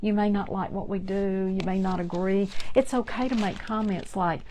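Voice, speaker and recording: A woman's voice: mid-range voice, fairly even intonation, moderate pace, hardly any pauses, warm tone, a little hiss or hum. A woman hosting a chatty live crafting demonstration, talking straight to her viewers. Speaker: craft tutorial host.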